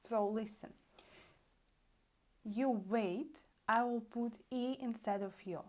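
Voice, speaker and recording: A young woman with a Russian accent teaching a language lesson online, animated and often calling out to her dear friends. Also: a little high. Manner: animated, repeats "dear friends", stretches out examples slowly.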